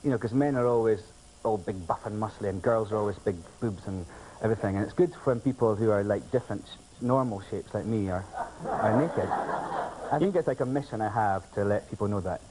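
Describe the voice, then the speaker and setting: A man's voice: fairly low pitch, a little fast, noisy background. A man guesting on a talk show, telling cheeky anecdotes with lots of giggling. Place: television studio.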